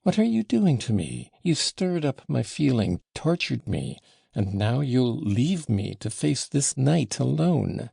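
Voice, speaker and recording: A man's voice: mid-range voice, sing-song, slow, gravelly, mellow, breathy edge, no room sound, studio quality, voice pushed up, exaggerated voice. A man reading an audiobook voices a passionate, wounded young woman, talking in a raised, emotional way that swings from tender to scornful. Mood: anguished. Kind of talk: audiobook character voicing.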